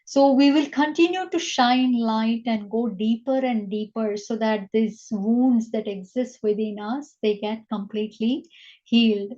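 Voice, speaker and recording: A woman teaching a spiritual meditation class, speaking in a measured way and posing rhetorical questions to her listeners. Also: on the high side, warm tone, lo-fi sound.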